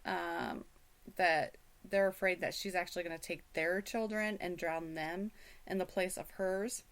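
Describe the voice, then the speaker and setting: A woman's voice: lowish voice, steady tone, a little slow. Chatty middle-aged woman hosting radio. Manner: rambling, many fillers and restarts. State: hiccups. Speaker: radio show host. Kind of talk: casual chat.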